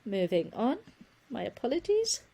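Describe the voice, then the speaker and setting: A woman presenting a webinar on children's reading, speaking earnestly and often correcting herself with a quick apology. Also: a little high, wildly swooping pitch, gravelly, warm tone. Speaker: reading teacher giving a webinar.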